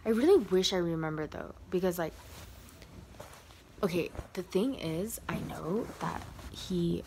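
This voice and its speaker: Rambling young woman vlogger, low voice. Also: lively intonation, measured pace, background noise. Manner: rambling, heavy use of "like" fillers; drops into soft whispers at times. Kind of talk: casual storytime chat.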